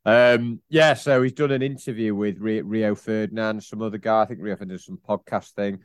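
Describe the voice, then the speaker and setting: A man's voice: fairly low pitch, fairly even intonation, a little fast, clear, resonant tone, dry recording. A man co-hosting a casual football podcast, rambling and teasing his co-host with frequent laughs.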